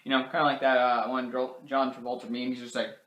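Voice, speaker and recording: A man's voice: mid-range voice, little pitch movement, fast, fairly bright tone, lo-fi sound. A man casually recapping a movie in a rambling way, full of fillers, now and then putting on character voices. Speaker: movie reviewer. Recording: roomy echo.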